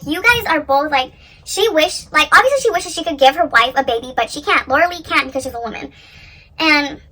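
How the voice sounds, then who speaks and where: Bright, high-voiced chatty woman. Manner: chatty, animated retelling with acted quotes. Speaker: beauty vlogger. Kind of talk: casual get-ready-with-me chat.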